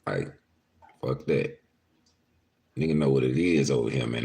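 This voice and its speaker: A man's voice: rumbling low, unhurried, creaky, warm tone. A man hosting a casual livestream podcast from home, talking loosely and profanely with his viewers and laughing often. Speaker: podcast host talking to live chat. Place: indoors, at home.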